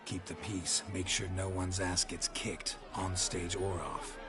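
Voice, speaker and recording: An actor voicing a gruff male monster hunter who speaks in a terse, calm, dry way, in video game acting. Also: sits low, unhurried. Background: game music.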